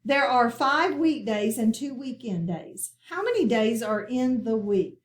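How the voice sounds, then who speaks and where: A woman teaching a phonics lesson to children, speaking slowly and clearly with patient classroom instruction. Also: fairly high pitch, lively intonation. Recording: echoey room, voice from far off.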